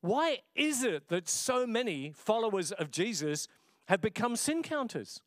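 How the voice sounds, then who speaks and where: A man's voice: high voice, sing-song, unhurried, dry recording, clean studio sound. A middle-aged man, a pastor preaching a passionate, conversational sermon. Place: church.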